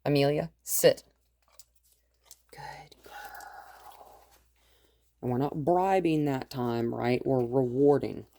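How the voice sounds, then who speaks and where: Firm, gravelly woman dog trainer. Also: very deep voice, unhurried, few pauses. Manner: calm and firm, short commands to a dog. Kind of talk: dog training lesson, talking to camera and dog.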